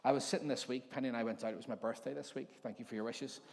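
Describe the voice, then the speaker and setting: Northern Irish pastor in a reverberant hall. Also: male voice, mid-range voice, fairly even intonation, rapid-fire, vocal fry, darkish tone. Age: 40s. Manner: jokey storytelling, acts out overheard voices. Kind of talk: conversational sermon. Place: church hall.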